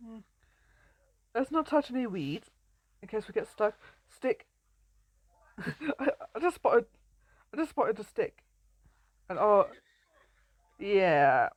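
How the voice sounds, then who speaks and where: A woman's voice: mid-range voice, sing-song, takes it slowly, pauses often, no room sound. A young woman chatting playfully while commentating a survival game she is playing. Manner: chatty and playful, often laughing and greeting animals. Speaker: gameplay commentator. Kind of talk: casual let's-play commentary.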